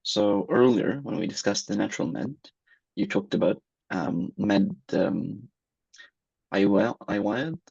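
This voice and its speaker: A man's voice: fairly low pitch, unhurried, vocal fry, darkish tone, breathy edge, dry recording, muffled recording. A man, a student in an online class, asking casual, hesitant questions to check his understanding.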